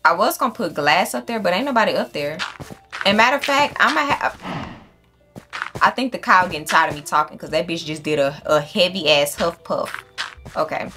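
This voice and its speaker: A woman hosting her own game channel talks through her build in casual, swear-heavy commentary. Her voice sits a little low but comes across bright and punchy. She chats straight to her viewers and scolds the game animals, over faint background music. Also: lively intonation, fairly quick. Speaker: gaming channel host. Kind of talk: casual let's-play commentary.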